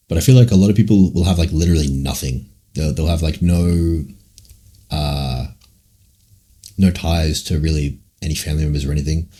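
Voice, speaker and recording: A man's voice: rumbling low, dark tone, slightly rough. A man streaming live and answering chat questions in a rambling, musing way, swearing often. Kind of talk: casual livestream Q&A.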